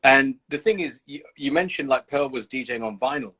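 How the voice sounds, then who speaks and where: A man hosting a casual livestream chat from the UK, telling animated stories and swearing freely. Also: mid-range voice, brisk, breathy edge. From United Kingdom. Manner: animated storyteller, swears freely, acts out scenes. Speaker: host. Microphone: video call.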